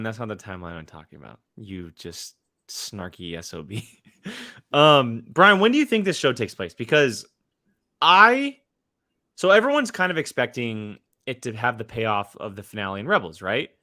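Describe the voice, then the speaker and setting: Animated, excitable young man. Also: mid-range voice, normal speed, no echo, studio quality. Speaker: podcast co-host. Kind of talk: casual fan chat.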